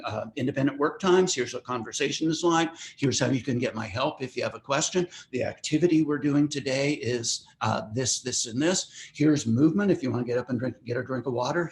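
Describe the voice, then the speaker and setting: Older male presenter, casual teaching tone, mid pitch, web-meeting mic. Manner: conversational, easygoing teaching with asides. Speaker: parenting workshop presenter. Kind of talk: webinar talk. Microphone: web meeting microphone.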